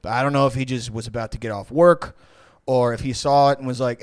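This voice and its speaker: A man's voice: medium pitch, quick pace, no echo. Profane storytelling man, dry sound. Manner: profane, rambling, animated retelling. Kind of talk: casual storytelling.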